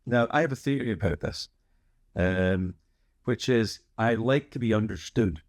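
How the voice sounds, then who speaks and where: A Scottish man whose accent has softened toward American hosts a podcast, speaking in a lowish, unhurried voice. His monologue is casual, rambling, and animated, full of asides.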